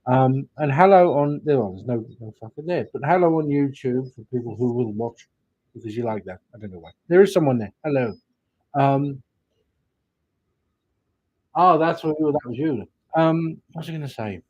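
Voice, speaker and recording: A man's voice: medium pitch, normal speed, a little mellow, dull audio. A man, hosting a casual live stream, chatting and rambling as he greets viewers. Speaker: livestream host, witch doing readings.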